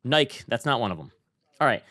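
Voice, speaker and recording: A man co-hosting a podcast, telling stories in animated, chatty banter. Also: medium pitch, a little fast, no room sound, clean studio sound. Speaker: podcast co-host. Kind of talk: casual chat.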